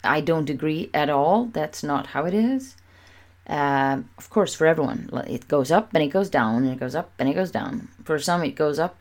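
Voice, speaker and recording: Low-voiced woman vlogging candidly. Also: expressive, normal speed, soft background music. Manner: candid, repetitive, emphatic. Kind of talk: personal confessional vlog.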